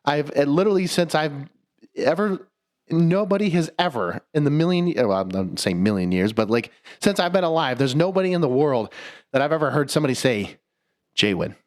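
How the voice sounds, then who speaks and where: Young man, podcast co-host, casual storytelling, animated, swears a lot, laughs while talking. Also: a little high, a little fast. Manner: animated, profane, laughs mid-sentence, stumbling restarts.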